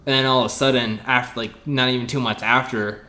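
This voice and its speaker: Rambling excitable young male host. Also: medium pitch, brisk. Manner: rambling, excitable, many fillers and restarts. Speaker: podcast host. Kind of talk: casual chat.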